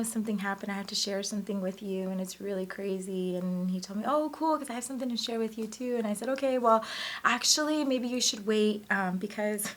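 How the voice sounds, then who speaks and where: Earnest woman telling her faith story. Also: mid-range voice. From United States. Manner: emotional, earnest, animated retelling. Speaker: interviewee. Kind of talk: personal testimony.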